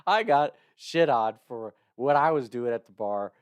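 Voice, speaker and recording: A man's voice: medium pitch, expressive, measured pace, clean tone, no echo. A young adult man hosting a podcast, telling a casual story and chuckling often. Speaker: podcast host.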